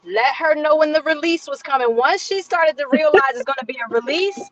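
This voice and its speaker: A woman guest giving a measured, earnest account of her experience. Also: high-pitched, crowd noise. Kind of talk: reflective personal account. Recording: dull lo-fi audio.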